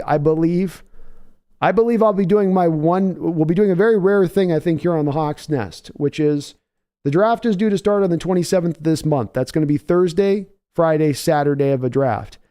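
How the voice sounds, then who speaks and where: A man's voice: high voice, normal speed, warm tone, clear, resonant tone. A man hosting a casual sports live stream, rambling and joking while answering chat questions. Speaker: podcast host.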